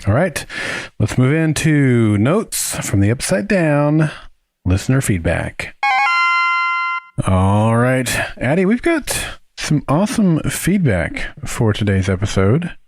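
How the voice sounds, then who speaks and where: A man's voice: medium pitch, slow, over music. A man hosting a podcast, chatting casually and jokily while recapping and reading listener mail. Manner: jokey, animated recapping. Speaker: podcast host.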